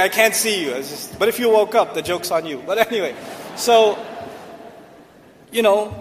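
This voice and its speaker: A man's voice: high-pitched, big-room sound, slight background noise. A man giving a humorous Islamic lecture from a stage to a live audience, asking rhetorical questions and joking. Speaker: Islamic speaker. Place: large hall, on stage.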